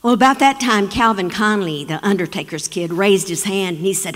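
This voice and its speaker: A woman from Texas telling a story on stage, dramatic and slowing for emphasis. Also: medium pitch. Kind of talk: live storytelling performance. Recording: long reverb of a performance hall.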